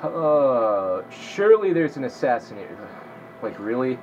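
A man's voice: medium pitch, very animated, measured pace, a little mellow, lo-fi sound, a little hiss or hum. A young man giving casual, profanity-laden let's-play commentary, talking to himself as he plays. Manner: swears a lot, talks to himself while playing. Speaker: gameplay commentator.

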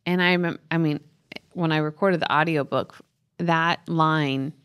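Woman, 40s, parenting podcast co-host; earnest and tender storyteller, slightly low voice, dry close mic. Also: fairly even intonation, a little slow, a bit bright, smooth, no echo. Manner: earnest, tender, with many "you know" fillers. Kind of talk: emotional personal story on a podcast.

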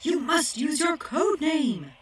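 A woman's voice: high voice, very animated, a little slow, far from the mic, noisy background. A woman voicing a bossy bluebird secret agent in a children's puppet comedy, giving clipped radio-style commands. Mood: stern.

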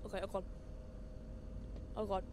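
A woman's voice: normal speed, very noisy. A woman playing a horror game, easily startled and pleading with a companion. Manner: jumpy, frequently startled and shrieking; coaxing a companion in a soft voice. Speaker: gaming streamer. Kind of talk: horror game let's play. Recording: game music loud behind voice. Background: loud game music.

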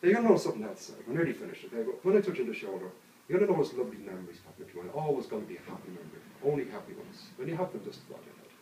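A man talks quickly and insistently as he hypnotizes someone outdoors, repeating his suggestions and coaxing his subject along. He is picked up from a distance. The sound is roomy, with a faint hiss behind it. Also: medium pitch, very animated, warm tone. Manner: coaxing, repetitive, chuckles at the subject. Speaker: street hypnotist. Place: outdoors on a street. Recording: roomy, distant mic with faint background noise.

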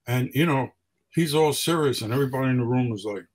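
Older man telling animated stories. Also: medium pitch, fast talker, poor audio. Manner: animated storyteller, acts out quotes. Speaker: guest photographer. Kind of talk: casual storytelling.

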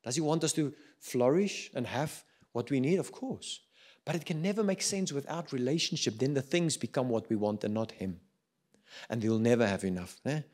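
A middle-aged man with a South African accent preaching a sermon, swinging between loud urging and quiet reflection. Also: mid-range voice, moderate pace. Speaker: pastor.

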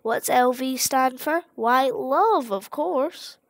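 A sing-song, two-faced flower creature from a video game, as a woman puts it on while she plays, its sweetness barely hiding something sinister. The voice rides a little higher than her own and stays slow and drawn out. The sound is close and dry, with no room around it. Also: no echo. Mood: falsely sweet. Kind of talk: reading game dialogue aloud.

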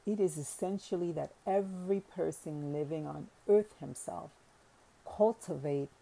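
Woman reading a calm, wise old sage. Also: sits low, creaky, exaggerated voice, low-quality recording. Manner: measured, solemn. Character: wise thoughtful older brother, calm sage.

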